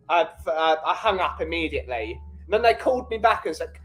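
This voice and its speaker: A man's voice: fairly high pitch, lively intonation, brisk, few pauses, a bit bright, soft background music, poor audio. A man who runs a small coffee company, chatting casually on a livestream and greeting viewers in the chat by name. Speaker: coffee shop owner and livestream host.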